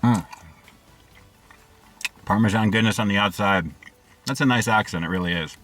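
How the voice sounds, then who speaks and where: A man reviewing fast food for his channel, upbeat and slangy, talking straight to his viewers. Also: lowish voice, a bit bright. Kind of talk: casual food review vlog.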